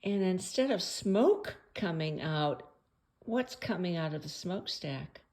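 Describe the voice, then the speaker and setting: A woman reading a picture book aloud at home for children, playful and chatty, pausing to ask the listener questions. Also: fairly low pitch, expressive, a little mellow.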